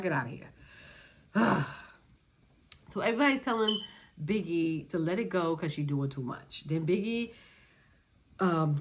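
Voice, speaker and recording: Woman doing sassy reality tv commentary, lowish voice, keeps repeating herself. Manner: sassy, repetitive, dismissive. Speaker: reality show reviewer. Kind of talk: casual commentary.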